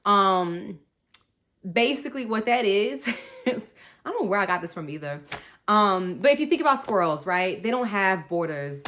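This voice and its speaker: A woman's voice: medium pitch, very animated, normal speed, a bit bright. A woman hosting a spiritual wellness talk, chatty and rambling, laughing often and calling her listeners y'all. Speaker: spiritual wellness podcast host.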